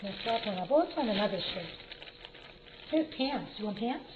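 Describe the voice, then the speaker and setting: A woman at home slowly and encouragingly coaching a child through word practice, with lots of repetitive prompting. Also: mid-range voice, animated, background noise. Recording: dull lo-fi home video.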